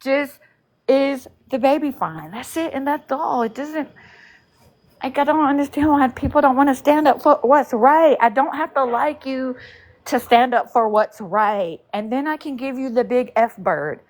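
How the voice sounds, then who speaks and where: A woman talks loosely on a livestream, sounding fed up as she rambles and doubles back over her own words. Her voice sits a touch higher than most. She speaks in plain everyday chat. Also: normal speed. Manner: frustrated, rambling with fillers. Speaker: livestream host.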